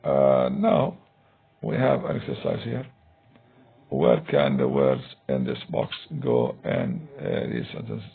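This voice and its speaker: A man teaching English grammar in a recorded lesson, talking slowly and hesitantly with many fillers, with a deep gravelly husky voice. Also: animated. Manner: slow, hesitant, many "uh" and "I mean". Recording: tinny phone-like recording.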